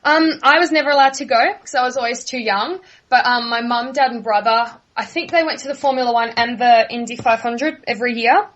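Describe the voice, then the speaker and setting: A woman's voice: fairly high pitch, brisk, few pauses, a bit bright, highs cut off. A young woman from Australia with an Australian accent, answering interview questions casually and in a friendly way, laughing easily. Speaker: guest.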